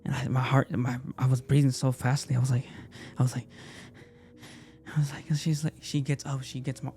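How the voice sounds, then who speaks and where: A young man retelling a personal story in an emotional, halting way, repeating himself often. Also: mid-range voice, little pitch movement, warm tone, soft background music. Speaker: casting participant.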